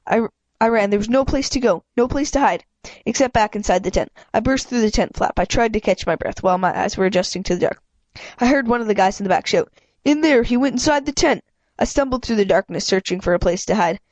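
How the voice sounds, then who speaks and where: Reading a children's chapter book aloud at a fast clip, this woman has a darkish tone. As an amateur reader she keeps stumbling and restarting lines, uses a raised pitch for the characters, and pauses between passages to apologize and comment. The recording is dry and dull.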